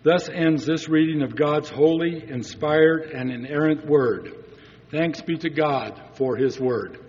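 In a dull recording with long church reverb, a pastor delivers an earnest sermon and poses rhetorical questions to his listeners. His voice is a little high, a little mellow, and husky, with a measured pace.

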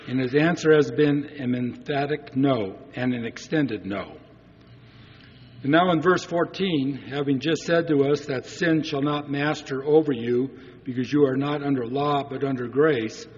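Guy preaching in a big church, kinda husky, slightly high voice, long echo, muffled old recording. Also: a little mellow. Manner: earnest, uses rhetorical questions. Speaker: pastor. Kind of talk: sermon.

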